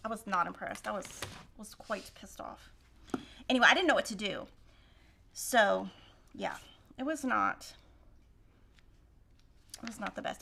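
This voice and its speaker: A woman's voice: on the high side, lively intonation, normal speed, gravelly, long pauses, pushed and bright, a little hiss or hum. A middle-aged woman hosting a quilting livestream, chatting and telling stories while she cuts fabric and thinks aloud through the math. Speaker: quilting show host. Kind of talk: casual chat while cutting fabric.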